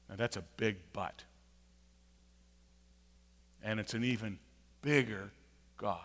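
A male preacher delivers a sermon slowly and deliberately, hammering home repeated phrases and rising from hushed to loud. His voice is bright and clear, and it rings out with a long reverb in a large church space. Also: fairly low pitch. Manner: emphatic, repeats key phrases, swings from quiet to loud.

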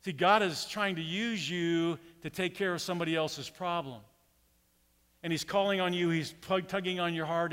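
Speaking at a normal speed in a high-pitched, smooth voice, a man delivers a sermon as a pastor. He talks casually and tells an animated story full of acted quotes, all washed in long hall reverb.

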